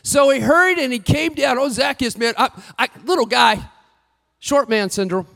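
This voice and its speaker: A man preaches with animated delivery, his voice pitched very high and gravelly. He rises to shouts and acts out what the figures say. His words ring through a hall with a long reverb. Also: moderate pace. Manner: animated, shouting at peaks, acting out quotes. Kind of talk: sermon.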